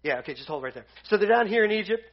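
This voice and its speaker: A man with a high voice teaches a Bible lesson to a group and keeps it casual and joking. He retells scripture in everyday slang. The recording sounds dull and lo-fi. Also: lively intonation, racing.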